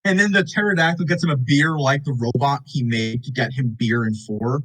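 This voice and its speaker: A young man co-hosting a movie review podcast, animated and sarcastic, swearing and acting out lines from the film. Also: medium pitch, fairly quick, rough recording. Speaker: podcast co-host. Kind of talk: casual movie review chat. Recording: uneven audio in parts.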